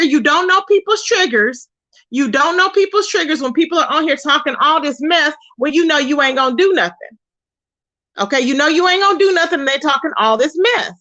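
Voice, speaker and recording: A woman hosting a casual livestream, telling stories in an animated, expressive way with loud exclamations. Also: very high-pitched. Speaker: livestream host.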